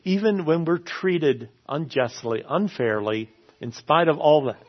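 A man's voice: a little high, lively intonation, measured pace. Earnest male preacher, slightly lo-fi. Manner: earnest, repeats phrases for emphasis. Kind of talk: sermon. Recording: slightly dull lo-fi sound.

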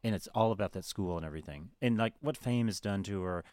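A man's voice: deep voice, quick pace, a little mellow, no echo. A man co-hosting a podcast, chatting casually, swearing freely and quoting people in put-on voices. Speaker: podcast co-host. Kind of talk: casual chat.

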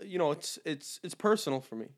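A man's voice: a little high, big pitch swings, fairly quick. A young man co-hosting a podcast in casual chat, joking, swearing and laughing often. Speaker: podcast co-host.

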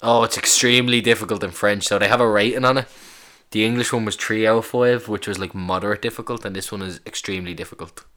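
Low-voiced man, swearing and amused. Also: steady tone, quick pace, fairly bright tone. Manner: swearing, amused, reacting aloud while browsing. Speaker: podcast host. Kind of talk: casual solo podcast chat.

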